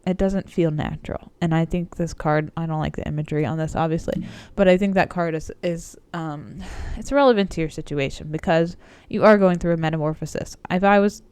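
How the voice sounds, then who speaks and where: A woman's voice: sits low, fairly quick, darkish tone, clear, resonant tone, no room sound. A woman with a cold giving a casual, meandering tarot reading to her viewers, with lots of "like" and "um". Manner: chatty, meandering, frequent "like" and "um". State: sick with a cold. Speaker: tarot reader and coach.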